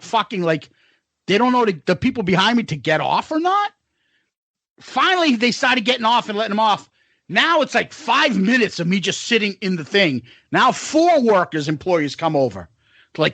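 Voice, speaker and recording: A man co-hosting a podcast, telling a story in casual chat, animated and profane, acting out the people in it. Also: sits high, moderate pace, vocal fry, breathy edge, no room sound. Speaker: podcast co-host.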